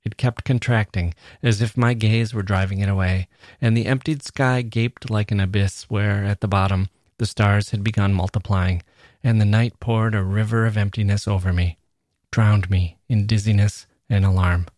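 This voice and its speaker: A man, a podcast host, giving a measured and expressive first-person reading of a literary short story. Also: on the low side, no echo, clean studio sound.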